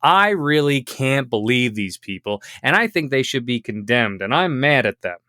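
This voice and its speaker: A man co-hosting a comedic podcast, ranting in bursts that build to shouting. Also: medium pitch, big pitch swings, normal speed, no room sound, studio quality. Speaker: podcast co-host.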